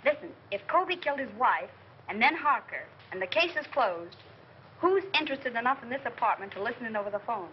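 An actress playing a quick-witted young woman reporter, brisk and teasing, in 1930s film style on an old soundtrack. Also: on the high side, very animated, muffled recording, slight background noise.

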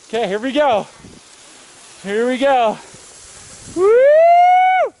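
A man's voice: extremely high pitch, big pitch swings, slow, heavy background noise. A man filming friends on a ski trip outdoors, cheering them on, teasing and laughing often in casual commentary. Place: outdoors on a snowy hill. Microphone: handheld camera.

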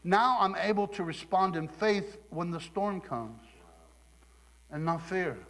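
A middle-aged male preacher from Southeast Ohio delivers a sermon in a fairly high voice, acting out people's lines with animated storytelling. His voice rings with the long reverb of a big hall. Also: slow. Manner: animated storytelling with acted quotes and laughter.

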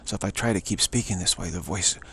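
A man giving a spiritual teaching monologue in a halting, searching way, restarting often, his voice fading toward a whisper. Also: sits low, fairly bright tone, a little hiss or hum.

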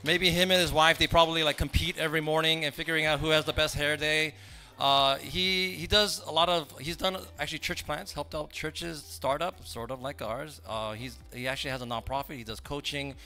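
A man's voice: on the high side, fairly even intonation, fairly quick, pushed and bright, soft background music. A man giving casual, joking announcements to a church congregation, chatty and full of asides. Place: church sanctuary.

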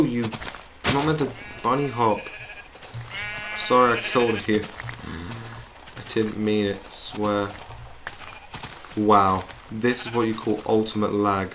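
A young man chatting in a rambling, self-mocking way as he plays a video game. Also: on the low side. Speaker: gamer. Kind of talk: gameplay commentary. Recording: noisy home recording with keyboard clicks.

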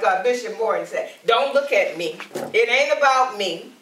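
A woman's voice: a little high, animated, normal speed, a bit bright. A woman evangelist from Alabama, preaching and praying while calling out to the congregation. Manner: calls out to the congregation, rising and emphatic. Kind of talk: sermon and prayer. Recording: roomy and distant from the mic.

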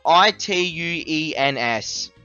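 A man's voice: fairly high pitch, takes it slowly, muffled recording, over music. A young man reviewing a phone app in an exasperated, ranting vlog style. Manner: exasperated, ranting, swings loud and excited.

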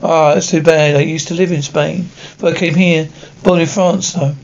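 A man reading the part of a boastful young woman who spins grand tales, in a flat read-aloud delivery that stumbles over words. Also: on the high side, moderate pace, creaky. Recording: dull lo-fi audio with faint hiss.

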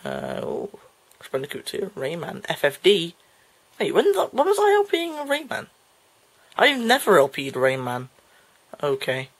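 A man's voice: on the high side, wildly swooping pitch, a little slow, pauses often, a bit bright. A young British man giving casual let's play commentary, rambling, correcting himself and laughing at himself as he talks. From Britain.

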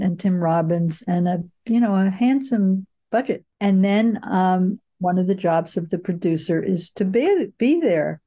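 Mellow-voiced older woman telling film stories. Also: lowish voice. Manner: reflective, storytelling with frequent fillers. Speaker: film producer, guest. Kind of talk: conversational interview.

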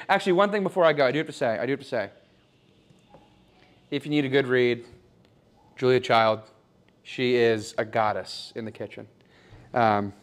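In an improvised sketch spoofing home tours, a young man with a mid-range, lightly acted voice portrays a self-satisfied, oblivious wealthy guy. He strolls through his loft apartment room by room, bragging and rambling in a falsely sentimental way.

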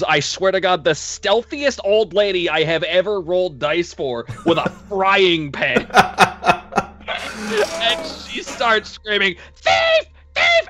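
A man's voice: a little high, fairly bright tone. A man narrating as game master, loose and profane, laughing between lines.

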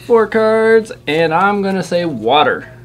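A man with a high, very animated voice hosts a casual unboxing video and speaks slowly. He opens trading card packs, chatting eagerly and listing card names as they come out.

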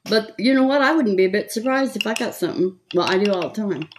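Chatty older Southern woman, lively voice. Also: mid-range voice, fast, a little hiss or hum. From California. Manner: chatty, gossipy, rambling with frequent laughs. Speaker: makeup vlogger. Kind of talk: casual chat while doing makeup.

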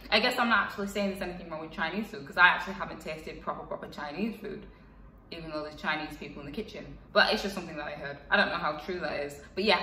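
Young woman, casual vlog, frank and chatty, bright voice, roomy echo. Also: mid-range voice, far from the mic. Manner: chatty, frank, lots of fillers and laughs. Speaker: vlogger. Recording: echoey room, voice a bit off-mic.

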